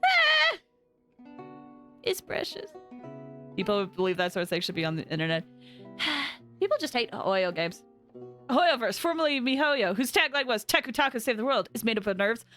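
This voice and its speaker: A young woman streaming a game, reacting in an excitable, giggly way and wandering off on tangents. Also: a little high, a little fast, soft background music. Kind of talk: casual game commentary.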